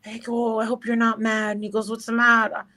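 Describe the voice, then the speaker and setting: A woman's voice: fairly high pitch, completely flat delivery, a little fast, sharp tone, rough recording. A middle-aged woman chatting casually as an interview guest, swearing freely and acting out the dialogue in her stories. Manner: swears freely, tells stories with reported speech. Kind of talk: casual chat.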